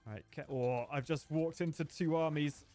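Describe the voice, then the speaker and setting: A young man giving chatty, excitable live commentary while he plays a strategy game, joking as he goes. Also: on the high side, normal speed. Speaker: gaming streamer. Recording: faint music behind the voice.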